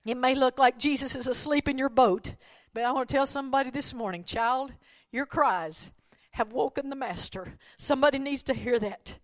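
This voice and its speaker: A woman preacher delivering a sermon who swings between folksy storytelling and shouted, rhythmic climaxes. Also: sits high, normal speed, no room sound.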